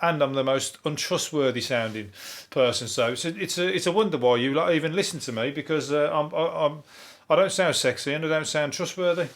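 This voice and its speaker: A man with a Birmingham accent, talking alone as the host of a comedy podcast. His voice sits a little high, and his delivery is dry and deadpan, laced with swearing. He rambles loosely from one point to the next. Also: a little fast. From Birmingham, England. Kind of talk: solo comedic news commentary.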